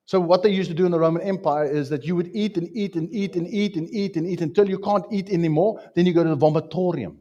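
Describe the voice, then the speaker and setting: A man's voice: high-pitched, fast, hardly any pauses, warm tone, lo-fi sound. A man preaching a sermon in an emphatic way, repeating phrases and asking his listeners questions.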